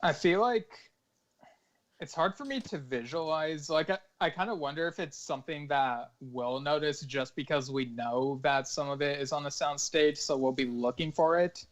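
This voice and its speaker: A man's voice: fairly high pitch, moderate pace. A man co-hosting a podcast, speaking hesitantly with many fillers. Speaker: podcast co-host. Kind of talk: casual panel chat.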